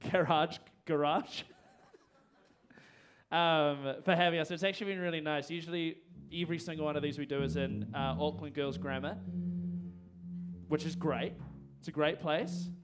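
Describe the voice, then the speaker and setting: A man's voice: on the high side, fairly even intonation, moderate pace, pauses often, a little hiss or hum. A man, hosting a live music event on a handheld mic, rambling and self-deprecating. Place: performing arts venue stage. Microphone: handheld microphone.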